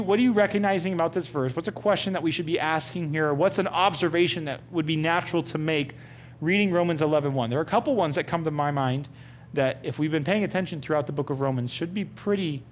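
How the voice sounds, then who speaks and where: Male Bible study leader, fairly high voice, casual questioning teacher, faint hum behind. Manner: asks the group many questions, conversational with fillers. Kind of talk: interactive Bible study lesson.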